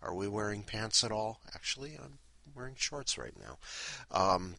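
A man's voice: on the low side, very animated, moderate pace, creaky, bright, forceful tone, no echo. A man hosting a podcast in casual, rambling, self-deprecating chat. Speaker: podcast host.

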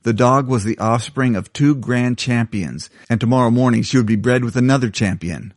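A man reading his own short stories aloud in a measured storytelling delivery. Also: mid-range voice, dry recording, clean studio sound. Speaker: contributing story writer.

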